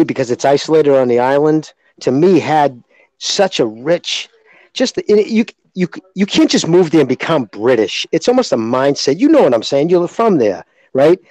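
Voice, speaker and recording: A man's voice: fairly high pitch, a little mellow, dry recording, poor audio. A man from Boston with a Boston accent, chatting eagerly on a podcast, calling others brother and dude. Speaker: podcast co-host. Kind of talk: casual podcast chat.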